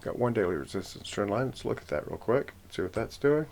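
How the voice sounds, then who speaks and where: This is a brisk, fairly low, darkish male voice that swings widely in pitch. He runs a forex trading channel and shares his screen for a laid-back tour of his chart's trend lines, wandering off with self-corrections and joking remarks.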